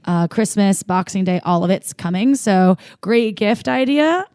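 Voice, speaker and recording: A woman co-hosting a podcast in casual chat, talking in quick loose bursts with fillers and restarts. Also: medium pitch, expressive, a little mellow, clear, resonant tone, dry recording, clean studio sound. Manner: chatty, many fillers and restarts. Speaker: podcast co-host.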